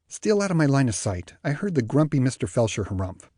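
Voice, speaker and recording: Guy reading an audiobook, lively intonation, dry close sound. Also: mid-range voice, brisk, few pauses, slightly rough, no echo. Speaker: audiobook narrator. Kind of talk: first-person audiobook narration.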